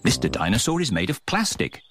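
A man's voice: medium pitch, wildly swooping pitch, a little fast. A man narrating a children's cartoon in a plain storybook manner. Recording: music underneath.

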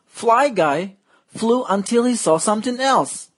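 A woman reading a children's picture book aloud in a slow, playful, exaggerated way. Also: a little high, animated. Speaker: storyteller.

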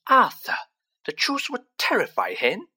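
A reader voicing a middle-aged storybook mother who speaks briskly and shrilly. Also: mid-range voice, wildly swooping pitch, pushed and bright, breathy edge, voice pushed up, heavily acted. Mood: shrill.

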